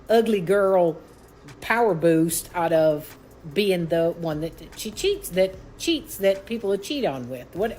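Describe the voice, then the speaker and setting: A woman's voice: fairly low pitch, darkish tone, a little hiss or hum, rough recording. A woman tells a personal story in an emphatic, dramatic way, swearing bluntly. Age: 60s. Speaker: guest.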